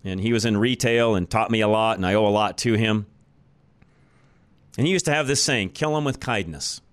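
This low-voiced talk radio host from the United States talks a little fast, captured on a studio microphone without echo. He's blunt and opinionated in his monologue, circling back to repeat his points for emphasis.

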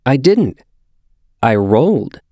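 A man voices a little five-year-old boy in a storybook reading, pitched far above his own low voice. The boy sounds earnest and wide-eyed, speaking in a very dry, close studio sound. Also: very animated, slow pace, warm tone, no echo. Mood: eager.

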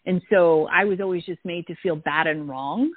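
Husky woman telling stories over a call. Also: on the low side, normal speed, no echo. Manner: candid, storytelling, reflective. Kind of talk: casual conversation. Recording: tinny call audio.

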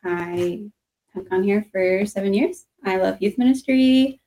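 Brief: young female guest from Northeast Ohio, mid-pitched, modest and chatty. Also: dark tone. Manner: modest, laughs easily, halting. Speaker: youth ministry leader, guest. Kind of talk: casual chat.

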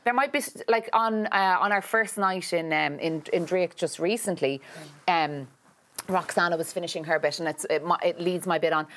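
A young adult woman, an actor, chatting as an interview guest, talking in quick loops with lots of restarts and "like". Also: on the low side, a bit bright. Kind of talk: casual interview chat.

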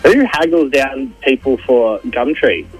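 A man co-hosting a comedy podcast, musing in a rambling, halting way. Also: mid-range voice, husky, soft background music, rough recording. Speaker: podcast co-host. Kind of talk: comedic banter.

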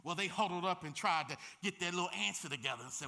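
A man preaching a sermon, acting out the scenes he describes with casual slang and big swings between loud and soft. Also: high-pitched, fast, gravelly, few pauses. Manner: dramatic, acts out scenes with slang and shifting loudness.

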